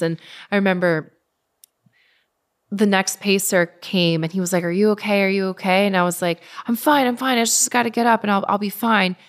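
A woman in her thirties telling a personal story in a casual interview, animated and full of fillers. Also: on the low side. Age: 30s. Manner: animated retelling with many fillers, voicing others. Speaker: guest.

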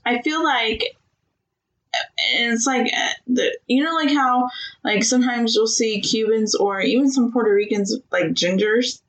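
A woman chatting casually with her husband, talkative, with many "like" fillers and quick laughs. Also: a little high, rough recording. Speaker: co-host talking with her husband. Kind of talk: casual chat.

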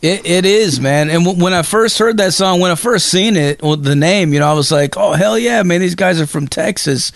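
A man's voice: sits high, normal speed, creaky, hardly any pauses, no room sound. A man hosting a casual interview show, laid-back and swearing casually as he chats. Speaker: show host.

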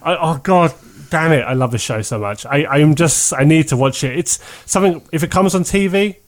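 A man in casual podcast chat, enthusiastic and laughing often. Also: fairly high pitch. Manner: enthusiastic, laughs often, breaks into quick impressions.

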